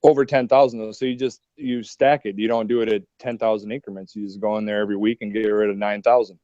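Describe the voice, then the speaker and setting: A man's voice: on the low side, steady tone, fast talker, dark tone, no echo, dull audio. A man with a Minnesota accent on a casual video call, joking around and asking lots of questions. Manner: jokey, asks many questions. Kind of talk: casual chat.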